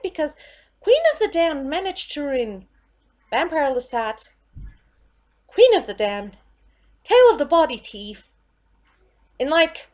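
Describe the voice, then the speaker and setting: Exasperated, swearing woman vlogger, unhurried. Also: fairly high pitch, darkish tone. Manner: profane, exasperated, emphatic. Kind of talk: ranting home vlog. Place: at home.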